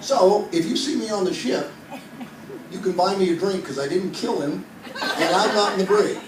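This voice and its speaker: Man, 50s, from Iowa, stand-up comic on a cruise ship, high voice, chatty crowd-work storyteller, echoey far-off room sound. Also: moderate pace. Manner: chatty storyteller, quizzes the audience, builds to punchlines. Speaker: stand-up comedian. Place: entertainment venue on a cruise ship. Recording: echoey room heard from a distance with ambient noise.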